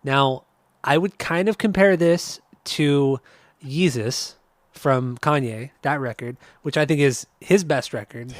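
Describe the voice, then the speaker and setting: An easygoing man co-hosting a podcast, laughing often and trailing into fillers as he talks. His mid-pitched voice is recorded dry and close. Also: dry recording. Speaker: podcast co-host. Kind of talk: casual chat.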